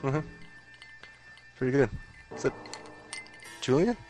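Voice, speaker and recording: A man's voice: mid-range voice, animated, slow pace, dark tone, soft background music. A man co-hosting a casual podcast, laid-back and laughing along. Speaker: podcast co-host. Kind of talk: casual chat.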